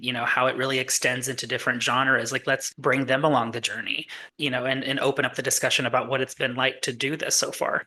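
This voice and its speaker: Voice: medium pitch, sharp tone. A speaker from Kentucky, guest on a podcast, chatting casually and laughing often. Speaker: guest, musical writer. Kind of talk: casual interview chat.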